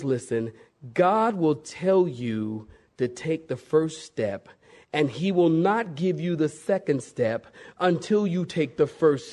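A man preaching a sermon to his congregation, acting out the quoted speakers with big swings in pitch and volume. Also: dark tone.

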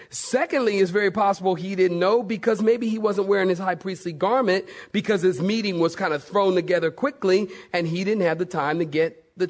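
A male pastor preaching a sermon in a lively, playful way, acting out bits of the story. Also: on the high side. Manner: animated, playful, acts out voices.

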